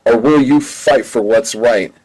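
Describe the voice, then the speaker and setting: A man reading an amateur audiobook, voicing a tough-love companion who pushes back in a brisk, challenging way. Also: mid-range voice, a little mellow, lightly acted, poor audio.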